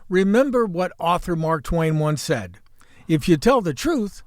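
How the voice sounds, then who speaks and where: A man's voice: fairly high pitch, sing-song, a little slow, no echo, studio quality. A man in his sixties hosting a podcast, chatting casually and ranting playfully. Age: 60s. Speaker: podcast host. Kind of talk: casual chat.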